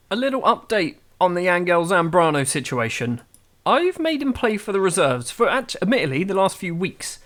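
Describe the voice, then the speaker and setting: A man giving chatty, self-mocking game commentary that gets excitable. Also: on the high side. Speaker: gaming YouTuber.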